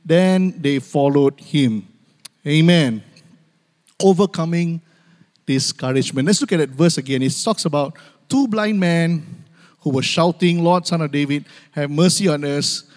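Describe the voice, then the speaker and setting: A man's voice: a little high, unhurried, darkish tone. A man preaching a sermon to his church, calling for amens and repeating key phrases for emphasis. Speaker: pastor. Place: church sanctuary. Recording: long hall reverb.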